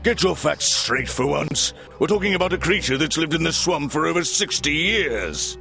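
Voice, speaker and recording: A firm, gravelly game detective. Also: male voice, a little high, expressive, normal speed, bright, forceful tone, exaggerated voice. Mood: insistent. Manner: firm, lecturing. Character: earnest male detective partner, insistent and serious. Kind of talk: video game voice acting. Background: game music.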